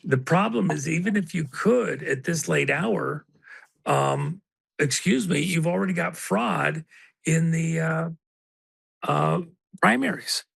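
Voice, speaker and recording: Gravelly guy guest, really insistent and emphatic, dry close sound with no room. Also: fairly high pitch, takes it slowly, fairly bright tone, no echo. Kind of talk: political talk show conversation.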